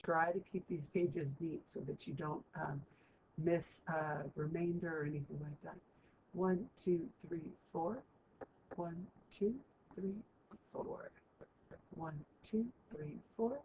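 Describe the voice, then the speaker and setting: A woman teacher with a low, slightly mellow voice goes slowly through a math lesson. She's chatty and keeps checking in with her students by asking "right?". The lo-fi recording sounds muffled, with a faint hiss.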